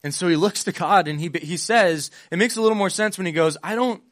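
A man's voice: sits high, fast talker, a bit bright, dry recording, clean studio sound. A young man giving a casual sermon, retelling Bible scenes in modern slang and playing the parts.

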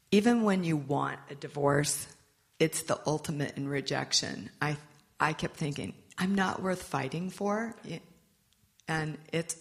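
A woman's voice: low-pitched, creaky. A middle-aged woman giving a candid, rueful personal testimony. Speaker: speaker sharing her faith testimony.

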